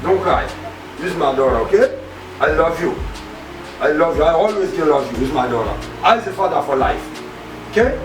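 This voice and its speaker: A man's voice: on the high side, lively intonation, a little fast, pauses often, over music, close to an everyday voice. An actor with a Bahamian accent playing a hot-tempered but doting father, emphatic and repetitive, in a film. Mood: upset, pleading. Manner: emphatic, repeats himself, broken grammar. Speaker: actor in a low-budget feature film. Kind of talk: naturalistic film acting. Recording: roomy, distant, with background noise.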